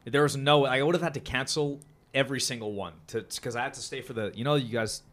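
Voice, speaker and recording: A man hosting a podcast in loose, profane casual chat, reacting fast to his friends. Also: medium pitch, fairly even intonation, a bit bright. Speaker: podcast host.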